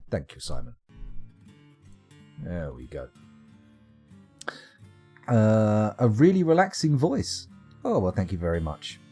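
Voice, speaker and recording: A man with a lowish, warm, slightly rough voice casually comments on his game during a live stream. He jokes, rambles and reads chat messages out loud.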